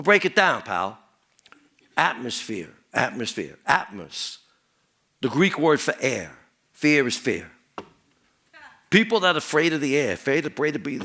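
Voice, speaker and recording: A man playing a rambling, paranoid married guy who tells deadpan puns, jumps from topic to topic and mutters at the end of each rant, in a stand-up character monologue. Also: mid-range voice, full character voice.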